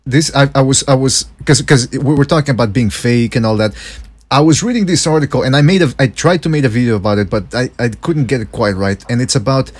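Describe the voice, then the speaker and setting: A man co-hosting a podcast in loose, casual chat. He talks in a chatty, joking way and tells stories at an easy, ordinary pitch. His tone is everyday and relaxed. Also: fast talker, breathy edge. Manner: chatty, jokey storyteller who drops into mock voices. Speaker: podcast co-host.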